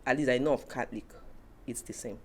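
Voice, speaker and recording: A woman's voice: rumbling low, quick pace, a little mellow, a little hiss or hum. A woman hosting a casual talk show, explaining points from her notes. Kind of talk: casual panel chat.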